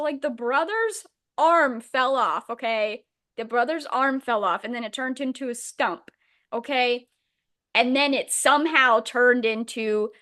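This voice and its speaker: A young woman co-hosting a podcast retells a book in casual chat, rambling, swearing, and sounding exasperated. Her voice is high and a bit bright.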